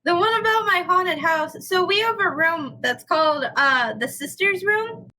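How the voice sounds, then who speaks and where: Young woman, high bright voice, casual podcast chat, animated storytelling, swears freely. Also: moderate pace, poor audio. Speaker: podcast co-host.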